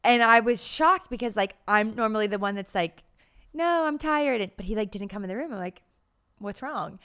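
A woman's voice: medium pitch, brisk, a bit bright, clean tone. Young woman, podcast co-host, casual chat, chatty storyteller, acts out quotes.

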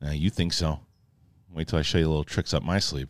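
A man with a low voice breaks down a TV episode in loose, casual talk. He is animated and jokey, slipping into quick impressions of the characters. The sound is close and dry. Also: dry recording. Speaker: film and TV reviewer. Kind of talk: casual spoken episode review.

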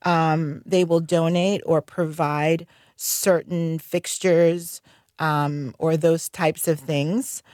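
A woman's voice: low-pitched, level tone, slow, darkish tone, dry recording, clean studio sound. A woman who works as a licensed general contractor, talking candidly in a radio interview, chatty and laughing often, with many fillers. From North Carolina.

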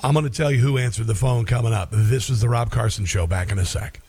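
A male talk radio host giving an animated, sarcastic monologue on a close studio mic, with lots of fillers. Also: medium pitch, fast, husky.

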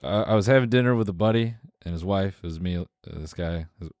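In a deep, darkish voice, a man talks fast as co-host of a casual podcast, laid-back and teasing, laughing while he tells a story. The audio is studio quality with no echo.

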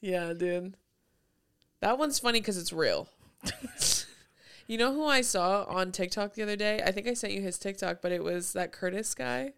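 A woman's voice: medium pitch, moderate pace, creaky, pauses often, clean tone. A young woman in casual chat, talking loosely with lots of "like" and frequent laughter. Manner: chatty, heavy use of "like", laughs often.

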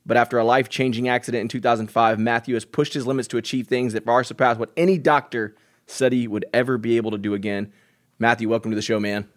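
A man's voice: medium pitch, steady tone, quick pace. A man hosting a podcast in an upbeat, easygoing casual chat. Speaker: podcast host.

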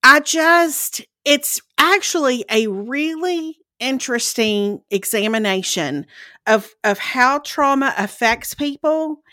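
Woman podcast co-host, casual chat, bright voice, lively pitch, dry close sound, thoughtful with disclaimers. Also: slow, no echo.

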